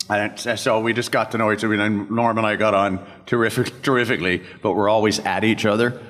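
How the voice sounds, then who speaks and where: A man's voice: on the low side, little pitch movement, fairly quick, few pauses, a bit bright. An older man, a voice actor at a convention panel, telling rambling anecdotes and acting out other people's lines. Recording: long echo of a convention hall.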